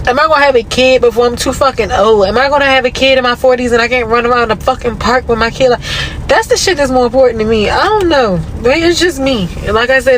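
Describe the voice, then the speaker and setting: A man's voice: very high-pitched, fairly bright tone, slight background noise, poor audio. A man ranting to camera from a car, impassioned and repetitive, swearing often. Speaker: social media commentator. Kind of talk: emotional rant to camera.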